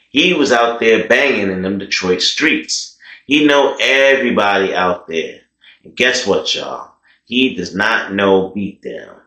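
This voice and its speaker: A man's voice: fairly low pitch, fairly bright tone. A man narrating a story casually in slang, often calling his listeners y'all. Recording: echoey room.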